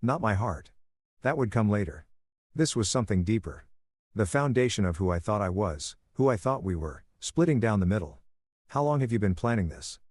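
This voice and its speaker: A man narrating a first-person story in a calm, soothing reading voice on a close mic. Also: on the low side, normal speed, no room sound.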